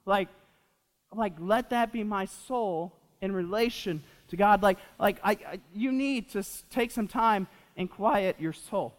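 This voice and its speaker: Young pastor, twenties, high-pitched voice, lively sermon with jokes and fillers, recorded in a long-echo church hall. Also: male voice, unhurried. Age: 20s. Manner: animated, repeats himself with fillers, jokes with the audience.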